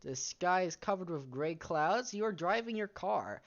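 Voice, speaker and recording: A low-pitched woman reads a story game aloud, now and then stopping to add wry remarks. Her voice comes through a dull, muffled home mic. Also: animated, a little slow. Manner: reads text aloud, breaks off into wry comments and laughs. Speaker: game streamer.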